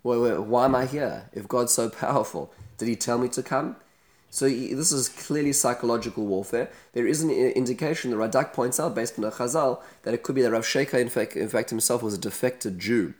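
A man's voice: medium pitch, brisk, a little mellow. A man giving a daily scripture study lesson, explaining the text and asking rhetorical questions. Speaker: Bible teacher.

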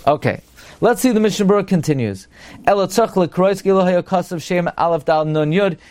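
A rabbi teaches a Torah study class, explaining the material as he reads Hebrew passages aloud and translates them. His voice is high-pitched and somewhat dark in tone, and he speaks animatedly at a slightly quick pace.

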